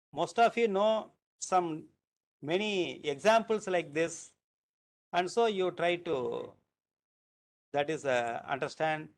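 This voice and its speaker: A man with a Tamil Nadu Indian English accent delivers a university lecture. His voice sits a little higher than most men's. He explains patiently, often breaking off to restart a sentence. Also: gravelly. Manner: explanatory, restarts sentences, repeats phrases to show stress. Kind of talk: recorded lecture.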